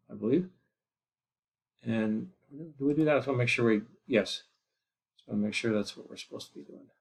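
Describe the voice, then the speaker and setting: A man's voice: lowish voice, gravelly. A man teaching a geography class in a recorded lecture, rambling with lots of fillers and asides. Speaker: geography instructor.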